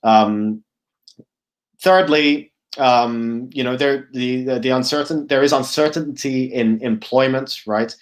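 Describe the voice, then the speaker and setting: Male guest speaker, casual presenting voice, lots of "um" and "right?", mid-range pitch. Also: slow pace. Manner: thinking aloud, many fillers and restarts, tag "right?". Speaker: guest speaker, product officer. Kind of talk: conference presentation.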